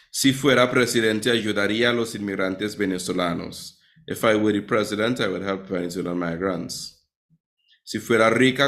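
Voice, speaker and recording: A man's voice: lowish voice, a bit bright. A man teaching Spanish grammar to a class, quizzing students and often checking in with "right?". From Trinidad and Tobago.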